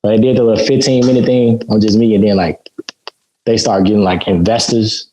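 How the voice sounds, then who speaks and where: A man's voice: lowish voice, fairly even intonation, a little fast, dark tone, a little hiss or hum, rough recording. A man from Chicago, a boxer guest on a podcast, telling stories in a laid-back way with lots of fillers. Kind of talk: casual podcast chat.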